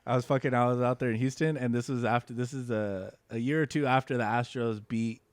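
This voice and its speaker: A young man, riffing on a comedy podcast. His delivery is loose and profane, and his pitch leaps up whenever a story gets going. The sound is dry and close on the mic. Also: fairly even intonation, brisk, no room sound. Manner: loose and profane, voice jumps high when storytelling. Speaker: podcast co-host. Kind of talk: casual comedy podcast chat.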